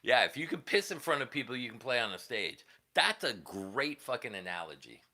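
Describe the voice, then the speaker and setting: A man's voice: medium pitch, big pitch swings, brisk, pushed and bright. A man hosting a casual livestream, telling rambling, profane stories from his years as a musician and laughing at them. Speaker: livestream host, guitarist.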